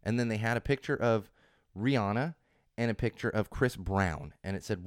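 A man hosting his own podcast, ranting with animated sarcasm and exasperation in a voice that sounds strained and worn. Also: on the low side, normal speed, smooth, no room sound, clean studio sound. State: strained, fading voice. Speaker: podcast host. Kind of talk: opinionated solo podcast rant.

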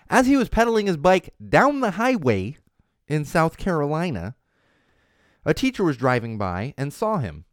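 A man's voice: fairly high pitch, dry recording, studio quality. A man, hosting a casual live-streamed talk show, chatty and rambling, often restarting his sentences. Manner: chatty, rambling, self-interrupting. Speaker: show host. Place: studio in Los Angeles.

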